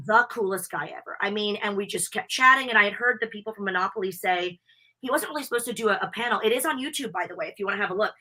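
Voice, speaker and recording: She's an American wrestling interviewer and convention host who talks fast and bubbly, gushing as she tells stories. Her voice sits at medium pitch with a sharp tone, and the chat is an excited, casual interview.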